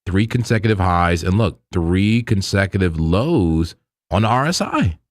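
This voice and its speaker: Low-voiced slangy man hosting a live trading stream. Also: lively intonation, a little slow, no echo. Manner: loose, slangy, repeats himself, laughs often. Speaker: crypto trading livestream host. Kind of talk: casual live-stream chat with viewers.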